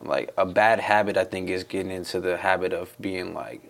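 A man's voice: deep voice, little pitch movement, a little fast, vocal fry, fairly bright tone. A man co-hosting a podcast in casual chat, talking in emphatic, laid-back slang. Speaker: podcast co-host.

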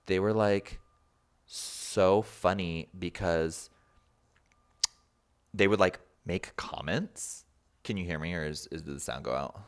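A very low-pitched man talks as a podcast guest over a remote call. His storytelling is loose and rambling, stuffed with likes and you-knows. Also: takes it slowly, pauses often. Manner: rambling, animated, filler-heavy with many likes and you-knows. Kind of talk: casual conversational storytelling.

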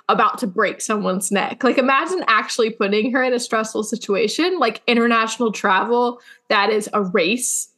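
A woman's voice: a little high, fairly bright tone. A young woman co-hosting a podcast, chatting casually with a sarcastic, teasing manner. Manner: chatty, sarcastic, mocks family in quoted voices. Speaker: podcast co-host. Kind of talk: casual chat.

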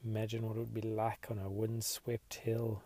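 A man hosting a podcast, leading listeners in a slow, reflective devotional meditation. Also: lowish voice, monotone, no echo. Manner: slow, reflective, soft-spoken. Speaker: podcast host.

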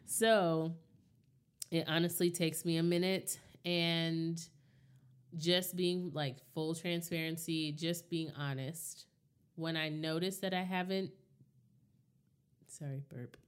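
A woman with a low, smooth, clear voice talks through personal matters in a relaxed co-host chat. She is candid and reflective, often checking whether she's understood. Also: slow pace, long pauses. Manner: candid, reflective, often asks "you know what I mean". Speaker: podcast co-host. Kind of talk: casual chat.

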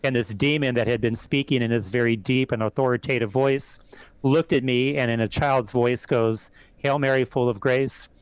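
A man, a priest, calmly recounting events as an interview guest in a measured way. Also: medium pitch, clean tone, no room sound, low-quality recording. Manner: calm, measured retelling. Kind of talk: interview storytelling.

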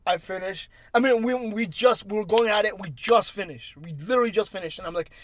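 A young man hosting a casual podcast, telling crude, animated stories among friends. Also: high-pitched, fast talker, slight background noise. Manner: crude, animated storytelling with laughs. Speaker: podcast host.

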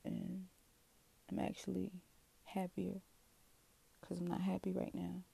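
A woman's voice: fairly low pitch, completely flat delivery, unhurried, vocal fry, warm tone, slightly rough. A woman rambling through a candid confessional monologue to her viewers, profane and self-questioning. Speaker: vlogger.

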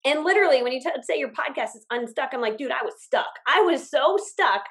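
High-voiced, animated woman telling stories. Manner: animated, acts out her own past dialogue, laughs often; quick run-on delivery with many fillers. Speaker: guest, business owner. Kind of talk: casual interview storytelling.

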